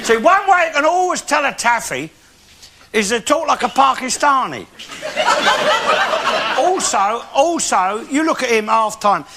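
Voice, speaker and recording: A blustering old Cockney bigot holds forth on stage with crude, opinionated rants, his voice pitched high and swinging wildly up and down. The old recording carries a heavy, loud hiss under every word. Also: lively intonation, unhurried, long pauses. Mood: ranting. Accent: London Cockney. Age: older. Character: bigoted loudmouthed old working-class Londoner. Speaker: comic character in a one-man stage show. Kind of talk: stand-up comic monologue with audience banter. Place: theatre stage before a live audience.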